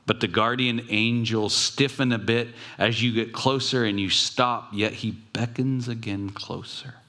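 A pastor giving a conversational sermon, telling stories with pauses and restarts. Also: male voice, medium pitch, steady tone, sharp tone.

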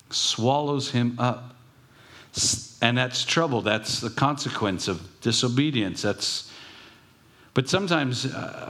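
A man's voice: medium pitch, a bit bright. A man preaching a sermon as pastor, earnest, with emphatic rising bursts.

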